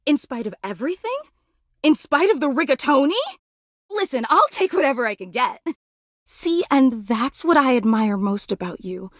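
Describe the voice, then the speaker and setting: A high, swooping voice of an obsessive superfan in a video game, gushing and apologetic, emotional and self-deprecating. She sounds close and dry, with no room around her. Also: dry recording. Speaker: game character.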